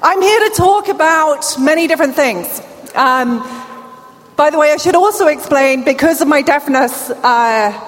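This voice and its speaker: A middle-aged British woman with a slight deaf accent giving a lively, playful conference keynote, speaking straight to the audience. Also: high voice, moderate pace. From England. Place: large hall before a live audience. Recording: long hall reverb with faint ambient noise.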